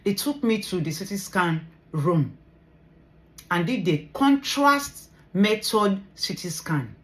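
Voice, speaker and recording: A woman's voice: medium pitch, animated, slow. A Nigerian woman in a vlog, earnestly retelling a personal story with emotion, mixing English and pidgin. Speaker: vlogger sharing her medical story.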